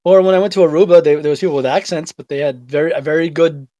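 A man with a Boston accent from Revere, Massachusetts, co-hosts a laid-back podcast, telling stories and swearing freely. He's a fast talker with a warm, slightly high voice. The recording is dry.

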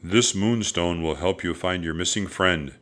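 A man voicing a calm, wise old ninja master in a storybook read-aloud, speaking solemnly and kindly. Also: low-pitched, a little slow.

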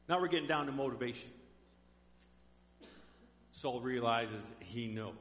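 A man's voice: medium pitch, measured pace, pauses often, sharp tone. Preaching man in an echoey church. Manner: conversational storytelling. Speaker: pastor. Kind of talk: sermon. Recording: dull echoey hall.

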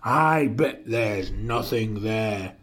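A storyteller voicing a gruff, dismissive tyrannosaurus father in a storybook read-aloud. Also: mid-range voice, extremely slow, pitched below the performer's own voice. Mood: scoffing.

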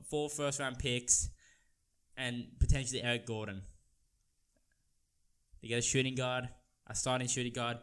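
A young man from Australia hosting a solo sports podcast, talking in an animated, heated way with many restarts. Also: medium pitch. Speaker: podcast host.

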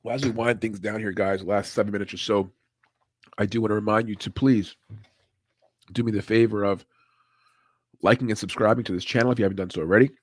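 Casual male podcast host, a bit low-pitched, swears freely, laughs a lot, dry close sound. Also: steady tone, a little fast, pauses often, dry recording. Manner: loose, profane, laughs often. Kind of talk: casual livestream chat.

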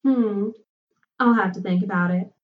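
A woman's voice: mid-range voice, unhurried, echoey room, distant mic, narrow, tinny audio, natural voice. A woman voicing a shy, sheltered young college woman who speaks timidly and hesitantly.

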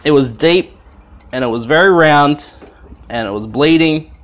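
A young man, a dad telling a family story in a lively, laughing way, swearing freely while he cooks at home in the kitchen. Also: fairly high pitch, a little slow. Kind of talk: animated casual storytelling.

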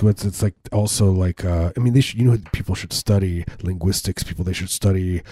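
A man's voice: deep voice, fairly even intonation, brisk, few pauses, dark tone, husky, dry recording. A man co-hosting a comedy chat, rambling and riffing loosely with lots of filler words.

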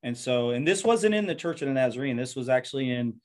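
Man pastor, earnest and reflective, sharing his life story in an interview with an everyday pitch. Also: animated, fast talker. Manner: earnest, reflective, often repeats words as he talks.

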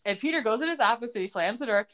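Woman, podcast co-host, casual recap, a bit high, laughs a lot. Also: expressive, very fast, a bit bright. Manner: acts out quoted lines, laughs often. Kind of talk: casual chat, retelling scenes.

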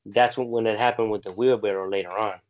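A man in casual conversation with friends, calmly adding details and corrections to a shared story. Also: fairly low pitch, fast, a little hiss or hum. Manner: relaxed, adds details and corrections. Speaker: friend chiming in. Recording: dull lo-fi recording.

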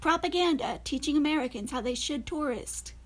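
A woman's voice: high voice, a little fast. A woman co-hosting a podcast in casual chat, telling stories animatedly and laughing often. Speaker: podcast co-host.

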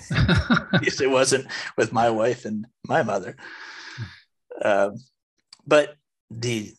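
A man co-hosting a casual faith podcast, telling a story in an animated way. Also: on the low side, gravelly, husky. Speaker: podcast co-host.

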